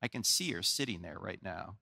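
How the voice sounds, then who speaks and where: Lively bright-voiced man in his sixties lecturing. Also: sits low, brisk, creaky. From New Jersey, USA. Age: 60s. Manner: animated storyteller, jokey asides, acts out dialogue. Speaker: Christian apologetics speaker. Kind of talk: live lecture to an audience. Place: large hall with live audience. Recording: long hall reverb.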